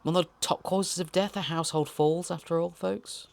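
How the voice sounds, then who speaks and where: A man's voice: fairly high pitch, fairly quick, creaky, soft background music. Male host, wry and jokey, rambling horror episode commentary.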